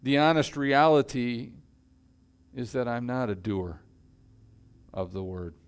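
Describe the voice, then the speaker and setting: A male pastor preaching a sermon in a measured way, letting his voice fall quiet at the ends of phrases. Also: mid-range voice, animated, smooth.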